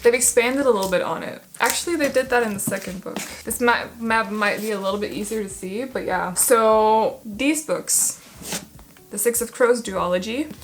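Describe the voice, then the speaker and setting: A woman's voice: medium pitch, slight background noise. Giggly rambling young woman reviewing books. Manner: rambling, giggly, self-correcting. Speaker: book vlogger. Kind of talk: casual book review chat.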